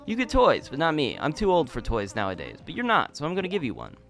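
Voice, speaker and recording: A man's voice: fairly high pitch, wildly swooping pitch, fast, vocal fry, a bit bright, soft background music, pitched above the performer's own voice, exaggerated voice. A man voicing Tortimer, an elderly male tortoise mayor who is kindly and forgetful, rambling like an old-timer. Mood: doddering.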